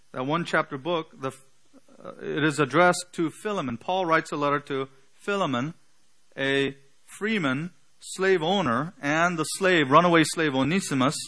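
A man preaching an earnest sermon, teaching with emphatic pauses and the odd filler. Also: a little high, pushed and bright. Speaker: pastor.

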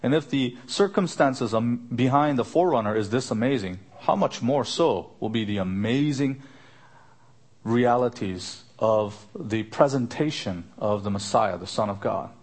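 A man's voice: lively intonation, measured pace, a little mellow. A man preaching an expository sermon, earnest, lifting his voice to stress a point and repeating his questions. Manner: earnest, rising pitch for emphasis, repeats questions. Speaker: pastor.

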